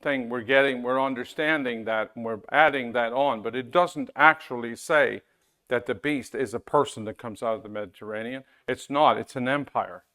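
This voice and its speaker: A man teaching a Bible-school class in a casual, conversational way, often checking in with his listeners and reading scripture aloud slowly. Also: mid-range voice, pushed and bright.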